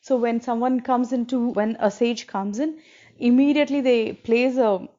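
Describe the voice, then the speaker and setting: A woman's voice: a little high, fairly even intonation, moderate pace, dark tone. A woman retelling an old epic in casual storytelling narration, explaining as she goes and acting out the characters' lines. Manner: explains as she goes, with fillers and restarts, acting out quoted kings and sages. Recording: dull lo-fi recording.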